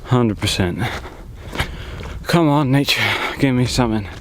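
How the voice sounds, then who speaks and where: A man's voice: medium pitch, measured pace, a little hiss or hum. A man vlogging outdoors in a forest, chatting and joking as he thinks aloud into a handheld camera. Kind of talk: casual vlog commentary.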